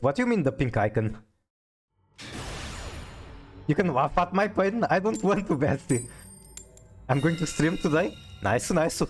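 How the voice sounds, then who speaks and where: Chatty stammering male streamer. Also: on the high side. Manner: chatty, stammers on restarts, reads chat aloud. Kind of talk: casual live-stream chat while playing a card game.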